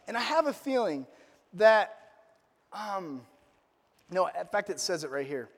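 A man's voice: sits high, expressive, measured pace, long pauses. A man preaching a sermon as a pastor, telling the story playfully with joking asides. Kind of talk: Father's Day sermon. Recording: long reverb of a large hall.

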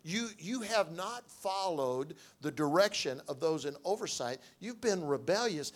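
A man quoting God as a firm, admonishing male voice, speaking a little higher than his own. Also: expressive, a little slow. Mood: stern. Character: God, a stern correcting male voice.

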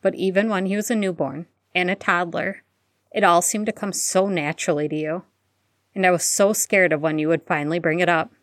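A woman reading aloud, voicing a tired, graying man who speaks quietly and with wry restraint. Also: fairly low pitch, steady tone, fairly quick, dry recording, studio quality, close to an everyday voice. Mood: subdued.

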